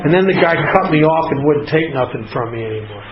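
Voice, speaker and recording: A man's voice: medium pitch, lively intonation, quick pace, crowd noise. A man telling his own recovery story to a group, in an earnest, confessional way. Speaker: recovery speaker. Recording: echoey, muffled, noisy hall recording.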